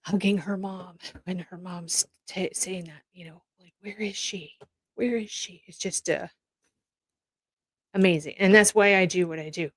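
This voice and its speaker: Her voice low and her intonation fairly even, a Canadian host speaks at a moderate pace while reacting to news clips at home. She tells casual, rambling, heartfelt stories that verge on tears, recorded with no room sound.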